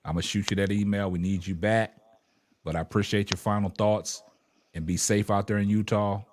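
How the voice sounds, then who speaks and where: A man's voice: lowish voice, steady tone, normal speed, a little mellow. A man hosting a casual sports talk show, upbeat and repeating his catchphrases. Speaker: podcast host.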